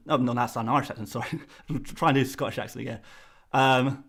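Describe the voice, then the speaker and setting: A man's voice: quick pace, creaky. An English man hosting a live fantasy football stream, talking casually to his chat in a rambling, exasperated way. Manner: animated, rambling, voice jumps high when exasperated.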